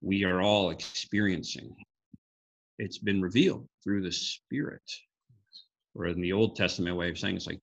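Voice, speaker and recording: A man with a very low voice speaks earnestly about faith, quoting scripture and often restarting his sentences. His voice is gravelly and husky. The sound is a little dull, as if it comes over a call. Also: steady tone, normal speed. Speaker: guest speaker sharing a devotional. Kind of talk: reflective faith talk. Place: group call.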